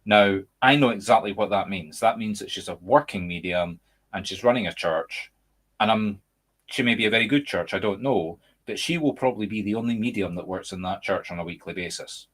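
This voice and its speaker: A man's voice: on the low side, a little fast, fairly bright tone. A Scottish man hosting a casual chat over a video call, speaking emphatically and candidly. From Scotland. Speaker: medium and podcast host.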